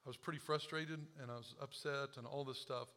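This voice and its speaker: A man preaching a sermon as pastor, joking at himself and moving from quiet confession to loud urging. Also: medium pitch. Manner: animated, self-deprecating humor, swings from quiet confession to shouting; quotes scripture slowly.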